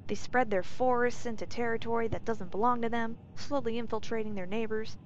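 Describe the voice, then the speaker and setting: A woman voicing a scornful, gruff male Nord diplomat who mutters his contempt, in a storybook reading. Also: fairly high pitch, fairly even intonation, fairly quick, a little hiss or hum, natural voice. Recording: dull lo-fi recording, faint music.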